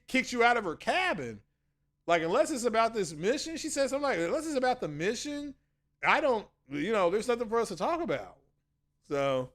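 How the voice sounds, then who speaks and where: A man's voice: sits high, a bit bright. A man hosting a casual livestream, chatting with viewers in a rambling way and often correcting himself mid-sentence. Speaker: channel host.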